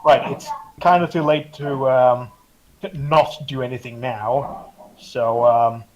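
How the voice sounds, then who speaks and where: A man's voice: mid-range voice, steady tone, takes it slowly, darkish tone, slight background noise. A man playing a tabletop game over voice chat, speaking hesitantly with many ums. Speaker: player. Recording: dull lo-fi mic.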